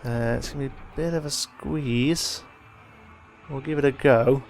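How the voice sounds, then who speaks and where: A man's voice: mid-range voice, a little slow. A tired man hosting a let's play, casually thinking aloud as he plays, with yawns in his voice. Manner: thinking aloud, relaxed and chatty. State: tired, yawning. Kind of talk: casual gameplay commentary.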